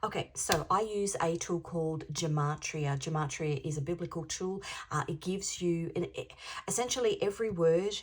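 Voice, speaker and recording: A woman with a low, husky voice gives a channeled tarot reading to camera. She talks in a chatty, rambling way and now and then drops into a whisper to drive a point home. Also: moderate pace. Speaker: intuitive tarot reader.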